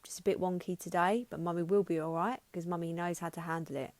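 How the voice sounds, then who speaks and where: A woman's voice: lowish voice, steady tone, fast, darkish tone, no room sound. A woman in her thirties hosting a podcast, speaking frankly and emotionally about her own life, with frequent restarts and some swearing. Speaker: podcast host. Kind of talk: candid personal monologue.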